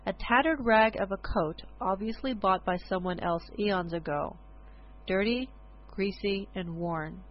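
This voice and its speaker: A woman's voice: mid-range voice, a little slow, muffled recording. Woman reading a personal story.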